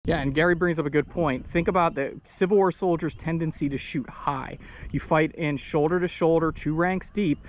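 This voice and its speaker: On a hillside walking tour, a battlefield guide explains history in a measured, matter-of-fact way while a body-worn action camera records him. His voice is fairly high and steady in tone, with a little hiss or hum in the audio.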